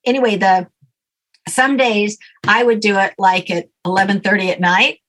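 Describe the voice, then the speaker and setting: A woman's voice: mid-range voice, fairly even intonation, moderate pace, fairly bright tone, low-quality recording. A woman guest in an interview, confidently explaining a method step by step. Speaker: guest coach. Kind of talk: casual interview.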